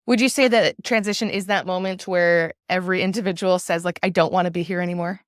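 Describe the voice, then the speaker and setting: A woman hosting an interview podcast, speaking in measured, thoughtful, long flowing sentences. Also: fairly low pitch, fairly even intonation, no echo, studio quality. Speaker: podcast host. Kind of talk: casual interview conversation.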